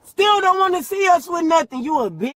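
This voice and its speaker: A woman's voice: very high-pitched, animated, a little fast, a loud crowd. A woman detained by police, furious and cursing, hurling threats at the officers. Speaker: detained driver. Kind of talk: heated confrontation with police. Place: police stop and hospital room. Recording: echoey room with long reverb, faint noise.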